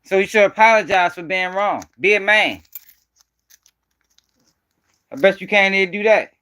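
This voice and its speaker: Host, male, high-pitched voice, confrontational and profane. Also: moderate pace, sharp tone, clean tone. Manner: confrontational, profane, slangy, repeats himself. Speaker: host of a news commentary channel. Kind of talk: heated live-stream commentary.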